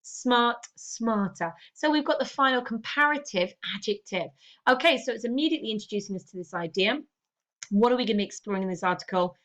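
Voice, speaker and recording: A woman's voice: fairly high pitch, a little fast, fairly bright tone. A woman teaching an English language lesson, explaining step by step and checking in often with "okay". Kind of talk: recorded grammar lesson.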